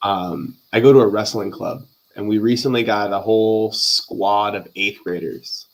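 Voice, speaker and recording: A man hosting an interview, asking short relaxed questions and sharing stories in a casual way. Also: on the low side, moderate pace, rough recording. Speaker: interviewer, host.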